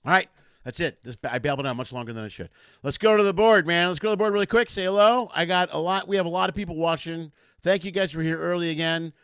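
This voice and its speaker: Guy hosting a comedy podcast, rambly storyteller, bright punchy voice, dry sound. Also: a little high, fast talker, smooth, no echo. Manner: rambling storyteller, animated, acts out quotes. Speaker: host. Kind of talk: casual comedy podcast chat.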